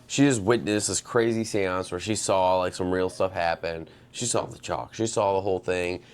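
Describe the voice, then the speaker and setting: A man's voice: low-pitched, steady tone, moderate pace, clean tone. A man co-hosting a casual movie review podcast, retelling the plot and acting out the characters' lines. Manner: retells plot, acts out characters, drops to a hush. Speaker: podcast co-host.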